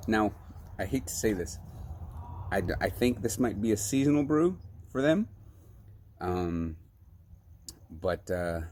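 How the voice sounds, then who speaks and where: A man with a fairly low voice talks casually through a cider tasting, playful and joking as he reads the label. Faint background noise sits under his voice. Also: darkish tone. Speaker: beer review vlogger.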